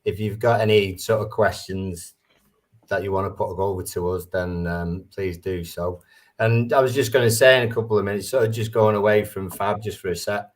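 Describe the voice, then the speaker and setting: A man hosting a casual podcast chat, putting questions to his guest in a friendly, relaxed way. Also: on the low side, moderate pace, distant mic. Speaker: podcast host.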